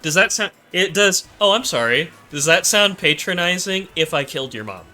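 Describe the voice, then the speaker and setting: A man's voice: sits high, animated, normal speed, pushed and bright, soft background music. A man in casual comedic chat, rambling through absurd hypotheticals and laughing often.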